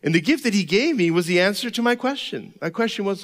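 A man's voice: high voice, lively intonation, fast, a bit bright, big-room sound. A middle-aged man preaching a sermon, telling a candid, self-deprecating personal story with laughs. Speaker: pastor.

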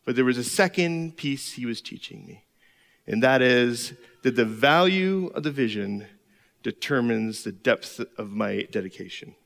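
A man's voice: medium pitch, lively intonation, measured pace, creaky, fairly bright tone, in a large hall. A middle-aged man preaching a sermon, telling a candid, self-deprecating personal story with laughs. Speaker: pastor.

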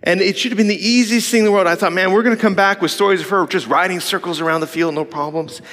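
A man casually telling a long family story as a father, animated and acting out his kids' lines. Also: quick pace, in a large hall. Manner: animated, quotes his kids in higher voices.

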